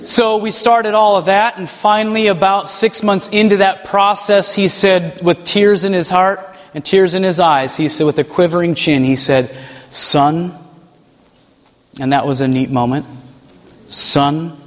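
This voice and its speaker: A man who leads a ministry tells a personal testimony in an animated way and chuckles as he goes. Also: high-pitched, normal speed, few pauses, long reverb tail. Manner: animated, chuckles while telling stories. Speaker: ministry leader.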